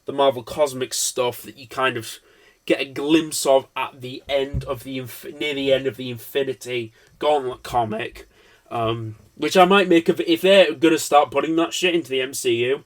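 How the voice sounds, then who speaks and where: A man's voice: mid-range voice, fairly even intonation, normal speed. A man giving an unscripted film review, rambling, swearing and cutting himself off mid-thought. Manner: rambling, profane, self-interrupting.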